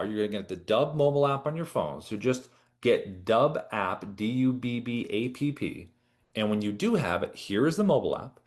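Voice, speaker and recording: A man giving a relaxed, chatty software tutorial as a product trainer. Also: medium pitch. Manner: relaxed, chatty, with lively ups and downs. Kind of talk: casual screen-share tutorial.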